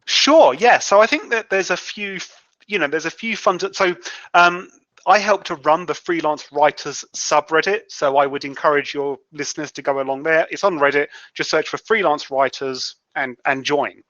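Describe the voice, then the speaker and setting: A man's voice: a little high, bright, forceful tone, dry recording. A man who is a guest freelance writer, explaining at length in a podcast interview and often restarting his sentences. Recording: dull lo-fi sound.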